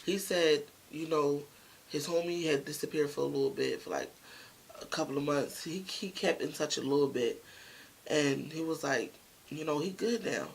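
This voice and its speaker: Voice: mid-range voice, normal speed, gravelly, slight background noise, low-quality recording. A vlogger telling a story in a casual, chatty way, speaking straight to the viewers.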